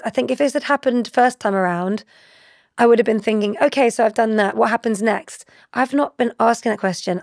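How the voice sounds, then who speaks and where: A woman's voice: fairly high pitch, a little mellow, no room sound, studio quality. A woman in her forties, chatting animatedly as an interview guest and laughing often. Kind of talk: conversational interview.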